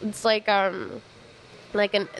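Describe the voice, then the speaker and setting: A woman songwriter who sings with her guitar and then talks casually, thoughtful and quick to laugh. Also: mid-range voice, fairly even intonation, vocal fry, slight background noise. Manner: thoughtful, laughs easily, meandering explanations. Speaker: songwriter guest.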